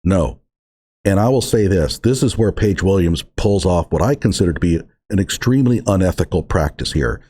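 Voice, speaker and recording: A man's voice: sits low, animated, moderate pace, dark tone, husky. A man giving emphatic, sarcastic reaction commentary on an article he is reading through.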